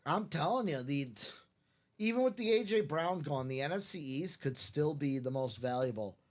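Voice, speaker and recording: A man's voice: fairly high pitch, animated, moderate pace. A man hosting a live card break stream, chatting casually and reeling off player names in a jokey, upbeat way.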